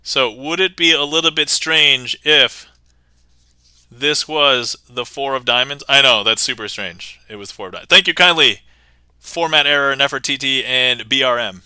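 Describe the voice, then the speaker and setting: A man's voice: mid-range voice, normal speed, pushed and bright, clean tone, dry recording. A man performing card magic on a livestream, chatting playfully with viewers, laughing often and thanking them by name. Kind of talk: casual livestream patter.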